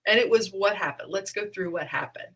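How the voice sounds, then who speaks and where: A woman comedian and podcast co-host, talking in a casual, animated way and often laughing as she acts out her own past reactions. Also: mid-range voice, fairly quick, low-quality recording. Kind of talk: casual chat.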